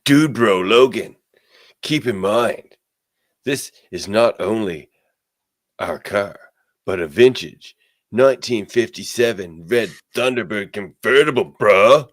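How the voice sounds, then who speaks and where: A man's voice: fairly low pitch, lively intonation, slow, no room sound, studio quality, pitched above the performer's own voice. A man putting on a laid-back surfer-dude voice for a young male hero, drawling surfer slang.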